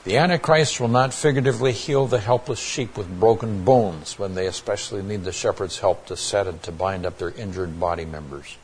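A man's voice: fairly low pitch, steady tone, a little fast, few pauses, a little hiss or hum. A man preaching a Bible sermon, earnest and plainspoken, often restarting his words with fillers.

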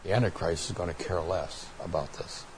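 A man's voice: low voice, fairly quick, noisy background. A man preaching a Bible sermon, earnest and plainspoken, often restarting his words with fillers.

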